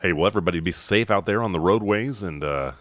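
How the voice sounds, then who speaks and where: A man's voice: sits low, quick pace, fairly bright tone, no room sound. A man co-hosting a talk show, dropping wisecracking asides in casual chat. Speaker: co-host.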